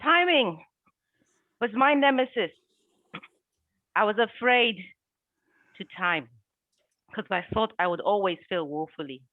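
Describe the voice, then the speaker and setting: A speaker acting as timer at an online club meeting, reciting a poem in a measured way and explaining the timing. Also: mid-range voice, lively intonation, no room sound. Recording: tinny phone-like line.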